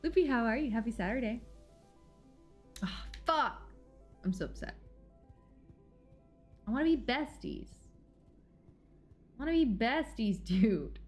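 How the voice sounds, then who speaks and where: A woman streaming a game live, reading its story aloud and reacting in an expressive, dramatic way, from loud outbursts to low mumbles. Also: unhurried, long pauses, soft background music.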